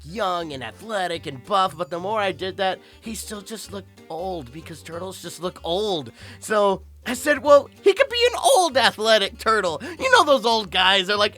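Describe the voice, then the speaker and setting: A man's voice: sits high, pushed and bright. A young man and voice actor hosting a casual chatty video in a playful, giggly way. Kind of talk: casual chat.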